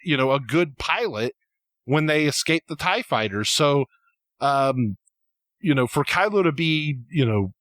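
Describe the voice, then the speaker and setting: A man's voice: a little high, fairly bright tone, dry recording. A man co-hosting a podcast, talking through fan theories in casual chat, hesitant and full of restarts. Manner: halting, many restarts, speaks in tangents. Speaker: podcast co-host.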